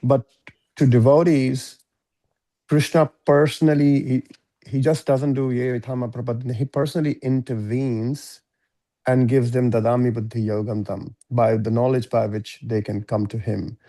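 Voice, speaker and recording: Audience man with a warm, dark voice, recorded dry, asking a question haltingly. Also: mid-range voice, level tone, dry recording. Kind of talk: casual question.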